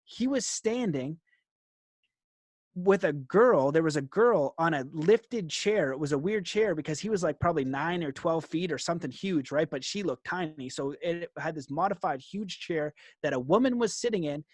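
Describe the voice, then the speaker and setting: Animated high-voiced man telling a story. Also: moderate pace, no echo, clean studio sound. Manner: animated, laughs often, frequent "like". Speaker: guest. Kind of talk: storytelling in an interview.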